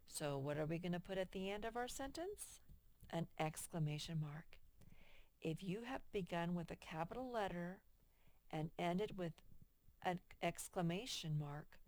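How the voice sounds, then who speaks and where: A woman patiently and slowly teaches young children a first grade worksheet lesson, reading example sentences aloud with emphasis. Her voice is lowish, with lively intonation.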